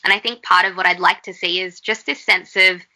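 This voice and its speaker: Interview guest, woman, earnest and thoughtful, vivid tone with some fry. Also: fairly low pitch, steady tone, fairly quick, bright, forceful tone, poor audio. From Australia. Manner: earnest and reflective, with fillers. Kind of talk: conversational interview.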